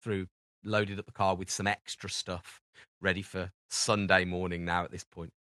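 A man's voice: sits low, level tone, moderate pace, sharp tone, dry recording, studio quality. A British man co-hosting a podcast, rambling through everyday anecdotes in casual chat and acting out the dialogue. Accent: British English. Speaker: podcast co-host.

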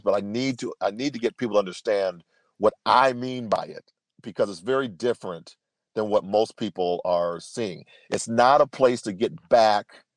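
His voice is on the low side, and the clip has no room sound. A man in his fifties, guesting on a podcast, answers an interview question with a personal story, speaking earnestly and emphatically and repeatedly restarting his sentences.

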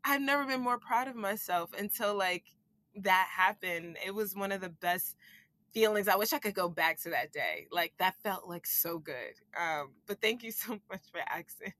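A young woman telling a personal story as a podcast guest, animated and often laughing. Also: medium pitch, normal speed, no room sound. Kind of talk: casual storytelling.

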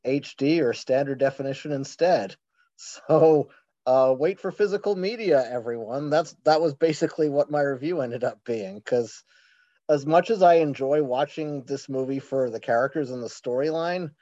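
A man chatting casually as a podcast guest, wry and talkative with quick asides. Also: mid-range voice, mellow, no room sound. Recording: slightly dull lo-fi mic.

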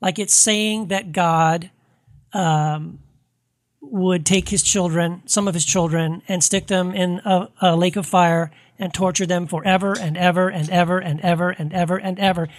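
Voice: medium pitch, fairly even intonation, measured pace, no echo. A speaker in a casual discussion, emphatic and repeating words for effect.

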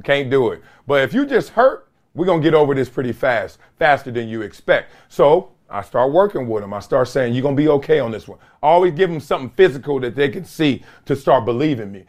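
A man's voice: medium pitch, very animated, brisk, hardly any pauses, darkish tone. A middle-aged man hosting a podcast, telling a story in an emphatic, casual way with slang and repeated phrases. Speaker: podcast host. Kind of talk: solo podcast monologue.

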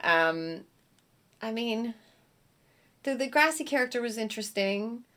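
A middle-aged actress chatting as a guest in an interview, telling lively stories with acted-out quotes and frequent laughs. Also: female voice, a little high, a little slow. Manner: animated storyteller, acts out quotes, laughs often. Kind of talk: casual interview chat.

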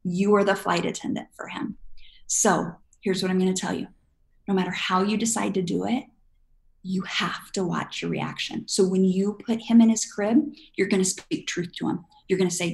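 A woman's voice: mid-range voice, steady tone, moderate pace, creaky, poor audio. A woman giving sleep advice to a parent, emphatic and coaching, often acting out little scenes. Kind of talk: advice conversation.

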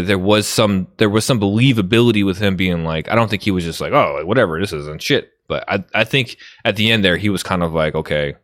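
A man's voice: fairly low pitch, fairly bright tone, no room sound, studio quality. A man co-hosting a movie podcast in casual, laid-back chat, swearing and laughing freely. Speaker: podcast co-host.

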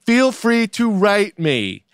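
A man's voice: sits high, slow pace, clean tone, no room sound, clean studio sound. A man co-hosting a comedic chat show, ranting in mock outrage and joking around. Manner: animated, mock-outraged, jokey rants. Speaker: podcast co-host.

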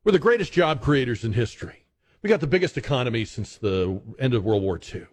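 Male talk radio host, sarcastic rhetorical commentary, animated pitch. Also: fairly quick, a little hiss or hum. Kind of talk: opinion commentary.

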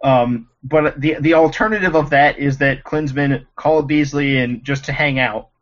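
A man's voice: on the high side, normal speed, dull audio. A man co-hosting a casual sports podcast, rambling with lots of ums and an exasperated tone. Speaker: podcast co-host.

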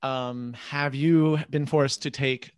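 Podcast co-host, wry, deadpan teasing, dry close sound, mid pitch. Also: slow, clear, resonant tone, no room sound. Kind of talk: casual podcast chat.

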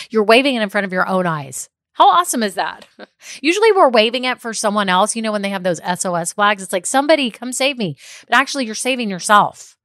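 Brisk and animated, this woman's medium-pitched, slightly bright voice comes through clean studio sound with no room echo. She's a business coach delivering an upbeat, emphatic motivational talk to her listeners, repeating key phrases and frequently asking "okay?".

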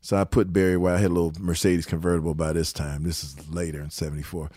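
A man's voice: low voice, level tone, fast talker, mellow, no echo. An older man from Detroit, a session guitarist, telling studio stories in a casual interview, laughing often and acting out other people's lines.

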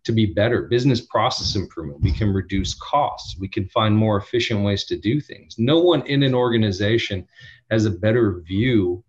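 A man, an audit executive, answering interview questions in an earnest, emphatic way with many restarts and a husky voice. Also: lowish voice, moderate pace. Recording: dull lo-fi sound.

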